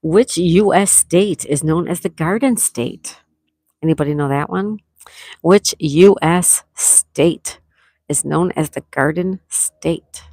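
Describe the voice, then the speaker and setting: A woman with a low voice hosts a friendly trivia livestream. She reads viewers' names and answers straight from the chat and stretches out each question. The sound is dry and close, with no room echo. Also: darkish tone. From near Fort Lauderdale, Florida. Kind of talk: casual live-stream chat, reading viewer answers. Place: indoors at home during a thunderstorm.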